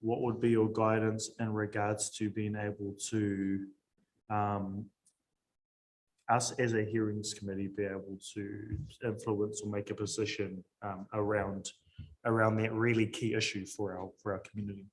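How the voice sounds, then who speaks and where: A man, a councillor questioning staff at a council hearing, halting with many fillers. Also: on the low side, level tone, slight background noise, poor audio.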